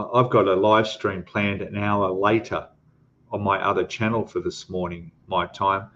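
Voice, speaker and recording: A man's voice: lowish voice, muffled recording, a little hiss or hum. A man from Queensland with an Australian accent, hosting a casual livestream chat, rambling and greeting chatters as "mate". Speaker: livestream host. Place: home in Thailand.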